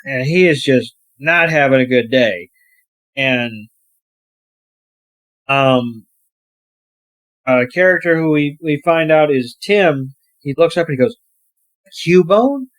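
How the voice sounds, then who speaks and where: A man co-hosting a podcast, recapping a film casually and hesitantly, with plenty of fillers. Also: mid-range voice. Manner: unhurried, hesitant storytelling with fillers. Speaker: podcast co-host.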